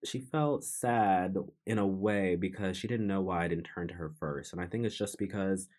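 A man with a very low voice recounts a personal memory for his podcast. He speaks earnestly and reflectively, often stopping to restart and repeating phrases as he works through it. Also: moderate pace, darkish tone. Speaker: podcast host. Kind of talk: personal storytelling monologue.

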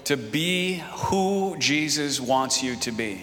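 A man's voice: on the high side, animated, slow, a bit bright, soft background music. A man who is a pastor, leading an earnest congregational prayer full of repeated phrases and fillers, then interpreting a guest preacher. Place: church sanctuary. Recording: reverberant church hall.

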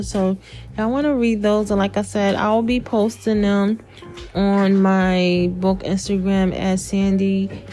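A chatty woman hosts a casual book podcast. She rambles through recommendations full of fillers and spells out names letter by letter. Her tone is dark and mellow, her voice is worn dry, and faint music plays underneath. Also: medium pitch. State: losing her voice, dry throat. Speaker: podcast host.

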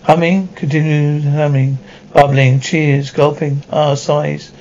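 A man's voice: on the high side, little pitch movement, slow, darkish tone, dull audio, slight background noise. A man who speaks brief, matter-of-fact sound cues over a sitcom, as an audio describer.

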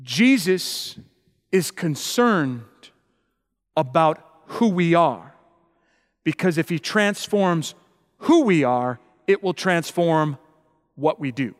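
A man's voice: a little high, animated, slow, pauses often. Preaching man in a reverberant hall. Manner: emphatic preaching, rising to loud passionate peaks. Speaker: pastor. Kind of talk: sermon.

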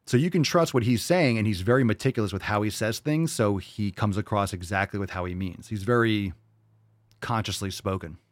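A man's voice: on the low side, brisk, dry recording. A male podcast host ranting in a casual, profane, emphatic way. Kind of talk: casual opinion rant.

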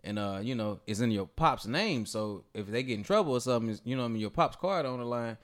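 A man tells a long story on a podcast. He talks loosely and cusses freely. His voice leaps high and loud whenever he acts out what people shouted. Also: fast talker. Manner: animated, profane storytelling with voiced quotes. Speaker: podcast host. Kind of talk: casual storytelling chat.

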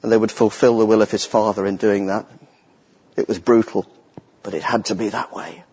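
This lay preacher, a middle-aged man, talks briskly in a lowish, mellow, slightly rough voice with a steady tone. His church sermon is earnest and emphatic, leaning on repeated key phrases for weight, and the hall around him is echoey with long reverb.

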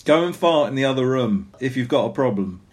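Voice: medium pitch, lively intonation, a little fast, a little mellow. Laughing podcast co-host. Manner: laughing, joking, self-mocking. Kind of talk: casual chat.

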